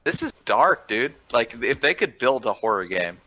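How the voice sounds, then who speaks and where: Joking man with a bright voice. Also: mid-range voice, very animated, normal speed, poor audio. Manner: joking, playful. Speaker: co-player, guest. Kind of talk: casual gaming chat.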